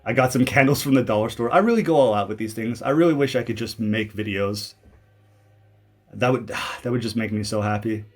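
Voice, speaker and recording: A man's voice: fairly low pitch, a little fast. A young man from Canada giving casual commentary over his own old video, rambling and poking fun at himself, with many fillers and restarts.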